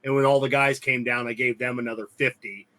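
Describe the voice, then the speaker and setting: A man's voice: mid-range voice, steady tone, a little fast, pushed and bright. A man in casual podcast chat, telling rambling anecdotes and acting out what workers told him. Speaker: podcast co-host.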